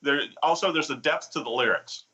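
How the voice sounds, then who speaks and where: A man's voice: a little high, fairly quick, sharp tone, muffled recording. A man hosting a TV music interview, enthusiastic and affirming, with many fillers. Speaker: TV show host. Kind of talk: casual interview talk.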